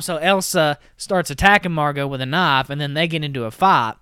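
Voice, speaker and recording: A man co-hosting a movie podcast retells a plot in a loose, chatty way, full of "like" and "you know." His voice is bright and clear. It sits close and dry on the mic. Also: on the high side, no echo. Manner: retells scenes with quick quoted voices, many fillers. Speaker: podcast co-host. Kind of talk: casual movie recap.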